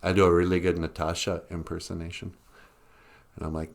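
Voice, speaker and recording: A man hosting a podcast in a rambling solo monologue, chuckling often and jumping into high mocking voices for quoted people. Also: flat delivery, brisk, creaky. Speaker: podcast host.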